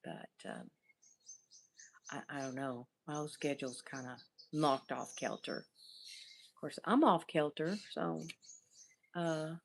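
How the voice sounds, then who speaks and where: A woman's voice: deep voice, animated, slow pace, creaky, pauses often, slight background noise. A middle-aged woman with a Southern accent, hosting a casual livestream outdoors and rambling through viewer comments. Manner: rambling, riffs without a topic, reads viewer comments. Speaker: livestream host and therapist. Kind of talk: casual livestream chat, reading comments aloud.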